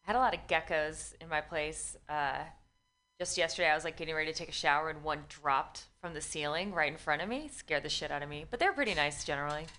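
Young woman guest, bright low-ish voice, laid-back slangy chat with frequent laughs. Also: fast. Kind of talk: casual radio chat.

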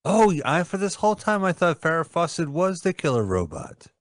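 A man's voice: a little high, sing-song, moderate pace. A man co-hosting a radio show, asking playful questions and riffing jokes while watching a movie. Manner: wry, riffs on jokes, asks playful questions. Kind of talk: casual banter while watching a film.

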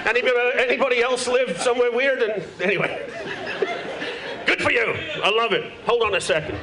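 A man's voice: very high voice, sing-song, moderate pace, over a noisy crowd. A man with a London accent doing a stand-up comedy set on a club stage, brash, profane and self-mocking, talking into a handheld mic. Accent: London English. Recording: echoey club with loud audience.

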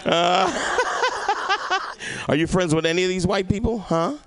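A man's voice: high voice, lively intonation, a little slow. A male stand-up comedian doing a rambling, profane set and teasing the audience. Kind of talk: stand-up set with crowd work.

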